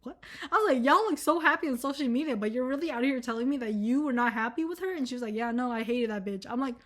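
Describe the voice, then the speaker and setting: A woman's voice: fairly high pitch, fast talker, fairly bright tone. A young woman in college talking frankly and profanely in a rambling vlog monologue, full of fillers. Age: young adult. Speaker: vlogger. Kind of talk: casual candid monologue.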